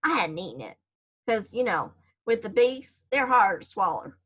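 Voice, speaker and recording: Woman, storybook reader, bright clear voice, lively swooping pitch, casual asides. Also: normal speed. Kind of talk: reading a children's book aloud, first-person narration.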